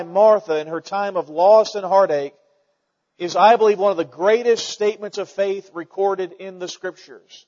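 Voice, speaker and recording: A man's voice: high-pitched, moderate pace, darkish tone. A man preaching a sermon, reading scripture and rising to fervent emphasis, with repeated words as he builds. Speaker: pastor. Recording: dull lo-fi sound with long church reverb.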